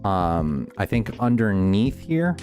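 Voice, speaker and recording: Over a game stream, a man with a Northeastern US accent and a low, deep voice chats casually, very animated yet taking things slowly. He rambles thoughtfully and often starts his sentences over. Soft music plays faintly behind him.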